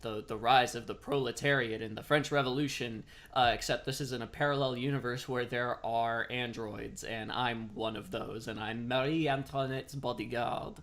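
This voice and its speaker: A man's voice: medium pitch, steady tone, moderate pace, hardly any pauses, fairly bright tone. A man chatting casually as a streamer while playing a game, rambling and self-deprecating. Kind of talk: casual gameplay commentary.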